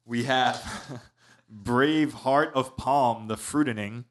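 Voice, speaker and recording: A man's voice: mid-range voice, slow pace. A man who produces a comedy podcast, riffing playfully in casual chat.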